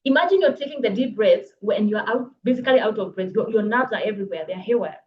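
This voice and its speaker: A woman coaching public speaking in a live online workshop, brisk and encouraging, reading viewers' comments aloud. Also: medium pitch, lively intonation, highs cut off. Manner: brisk, encouraging, reads chat comments aloud, laughs often. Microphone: video call.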